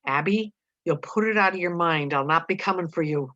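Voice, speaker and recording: A woman reading a stern male farmer's lines in a gruff, old-fashioned scolding manner, on a dull, dry recording. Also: lowish voice, a little fast, pushed and bright, dry recording. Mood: firm.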